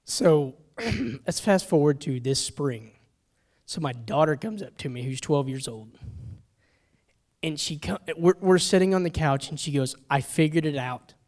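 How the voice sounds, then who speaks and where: A man's voice: on the high side, animated, unhurried. Middle-aged man preaching with personal stories. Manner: personal storytelling, swinging from hushed to loud and urgent. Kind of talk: sermon.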